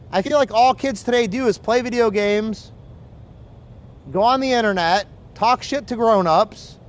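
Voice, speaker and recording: A man hosting a fishing livestream from outdoors by the water, chatting casually and telling stories in a rambling, profane way. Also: high-pitched. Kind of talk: casual chat. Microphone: phone or camera on a livestream.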